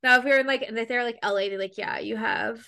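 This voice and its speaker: A woman's voice: a little high, very fast, smooth. Canadian woman hosting a chatty podcast. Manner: swears often, laughs, animated storytelling. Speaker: podcast host. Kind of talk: casual chat.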